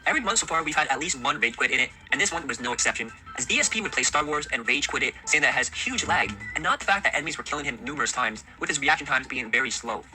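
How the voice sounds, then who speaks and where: A man's voice: mid-range voice, expressive, racing, few pauses, low-quality recording. A man narrating a recap in a dry, mocking tone. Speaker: compilation narrator. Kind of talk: scripted narration. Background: music bed.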